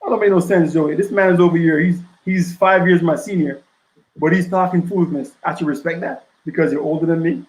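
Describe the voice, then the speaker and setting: A man speaking as an author and guest on a casual podcast. His voice sits somewhat high for a man, and he drives his points home with rhetorical questions and a running "right?". The recording has a noticeable room echo. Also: steady tone, a little fast, a little mellow.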